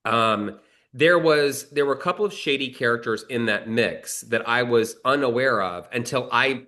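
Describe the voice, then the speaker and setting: A man's voice: medium pitch, bright, forceful tone. A male screenwriter telling a long anecdote in a casual, rambling way, with frequent restarts and some swearing. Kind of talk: conversational storytelling.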